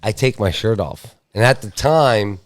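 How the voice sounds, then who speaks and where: A young man from Pennsylvania telling stories with his father in a casual podcast chat, animated and swearing freely. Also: lowish voice, measured pace, dry recording, clean studio sound. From Lehigh Valley, Pennsylvania. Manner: profane, animated, laughing storyteller. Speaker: son of the host, guest.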